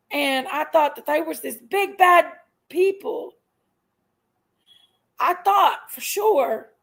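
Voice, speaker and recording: A woman's voice: high voice, animated, slow pace, a bit bright, poor audio. A middle-aged woman, venting on a live stream with emphatic repetition. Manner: aggrieved, emphatic venting, repeats herself. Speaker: livestream host. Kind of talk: casual live-stream rant.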